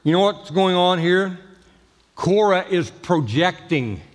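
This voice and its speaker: A man's voice: high-pitched, animated, slow, in a large hall. A man preaching a sermon as pastor, talking in a folksy, emphatic way with jokes. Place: church sanctuary.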